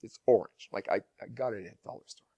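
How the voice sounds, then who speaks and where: A man's voice: lowish voice, fast talker, mellow, breathy edge, dry recording. A man who is a guest speaker and parent, telling stories in a casual interview with many restarts and repeated words.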